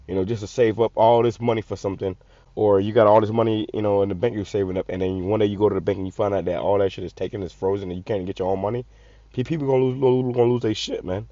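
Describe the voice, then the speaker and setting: A man's voice: lowish voice, steady tone, quick pace, mellow, no echo. A man, giving blunt, profane casual commentary on a video, often repeating and restarting words. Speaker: channel host. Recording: muffled lo-fi audio.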